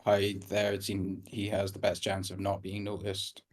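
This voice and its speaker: Man, tabletop player, lowish voice, hesitant, casual. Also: completely flat delivery, moderate pace. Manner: hesitant, restarts often. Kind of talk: tabletop game chat.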